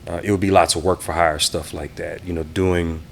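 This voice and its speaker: A man from the Houston area with a very low voice sits for a casual interview. He reminisces in a relaxed, easygoing way and slips into quoting the people he talks about. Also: brisk, creaky. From Houston area, Texas. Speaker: interview guest, DJ and producer.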